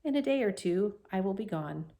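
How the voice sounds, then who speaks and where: A woman voicing a gentle, dying female spider in a storybook reading, soft, low and steady. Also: normal speed, close to an everyday voice.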